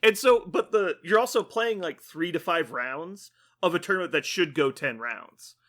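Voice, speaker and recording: A man's voice: on the high side, moderate pace, a bit bright. A man co-hosting a podcast, ranting casually with lots of swearing and acted-out quotes. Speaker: podcast co-host.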